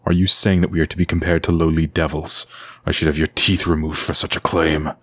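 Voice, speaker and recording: A man voicing a cold, commanding male vampire lord with a deep, low voice in an audio story. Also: level tone, brisk, a bit bright, breathy edge, dry recording, clean studio sound, heavily acted. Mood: imperious.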